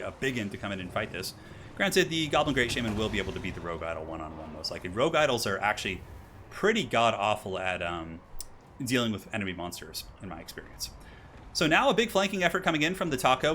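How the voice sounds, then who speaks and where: A man calls a strategy game match at a rapid clip. His voice is bright and ringing, and it jumps high when the action heats up. A faint hiss sits behind the recording. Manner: fast, excitable play-by-play with sudden high exclamations. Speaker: esports caster. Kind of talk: live game commentary.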